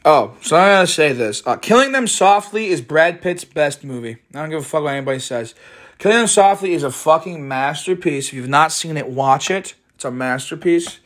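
A man's voice: fairly high pitch, lively intonation, a little fast, a bit bright. A man rambling profanely through a solo podcast, cracking wry jokes and breaking into rants. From Chicago area. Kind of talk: casual rambling monologue.

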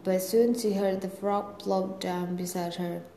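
A woman reading a fairy tale aloud in a gentle, steady storytelling manner. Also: medium pitch, a little slow, vocal fry, a little hiss or hum. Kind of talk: storybook read-aloud narration. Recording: echoey room with faint ambience.

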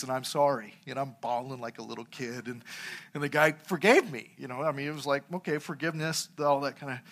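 A middle-aged pastor delivers a sermon with a forceful, bright tone and a fairly high pitch for a man. He preaches through funny, personal anecdotes. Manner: anecdotal, humorous storytelling.

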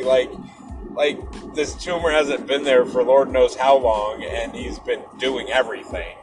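A man's voice: medium pitch, steady tone, a little slow, far from the mic, over music, rough recording. A middle-aged man hosting a podcast, telling a personal story and reflecting on faith in an earnest, emphatic way. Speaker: podcast host.

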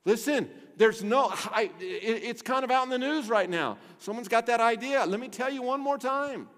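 A man preaching a sermon to his church, swinging between loud emphasis and hushed low tones, with a bass singing voice. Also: lively intonation, moderate pace. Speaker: pastor. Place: church sanctuary. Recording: long hall reverb.

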